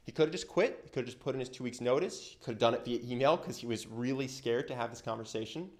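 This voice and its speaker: A man's voice: medium pitch, fast. A young man teaching how to handle tough conversations, telling stories and acting out the quotes in them. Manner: animated storytelling with acted-out quotes. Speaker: communication coach. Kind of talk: explanatory talk to camera.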